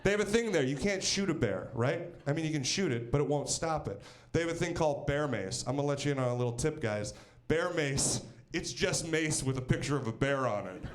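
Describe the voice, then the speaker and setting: A man's voice: on the high side, animated, a little fast, few pauses. A man from Pennsylvania doing a stand-up comedy set with a punchy, wry storytelling delivery. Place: comedy stage.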